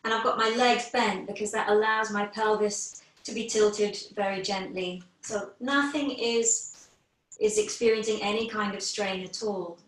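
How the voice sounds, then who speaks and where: A yoga teacher with a British accent, a little short of breath, guiding a slow, gentle relaxation class with reassuring words. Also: female voice, mid-range voice, steady tone. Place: home room, online class. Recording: roomy sound from a distant mic.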